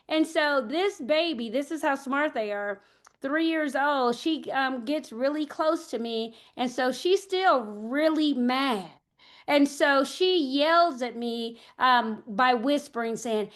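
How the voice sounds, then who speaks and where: An older woman who works as an early childhood educator gives a talk at a parent workshop. Her voice is high, slow and a bit bright, and she sounds hesitant, thinking aloud as she shares anecdotes.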